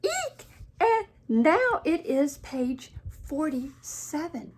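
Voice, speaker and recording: A woman reading a picture book aloud, voicing an excitable, easily panicked male elephant with loud, high, stretched-out cries. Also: exaggerated voice. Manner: loud, high, drawn-out exclaiming.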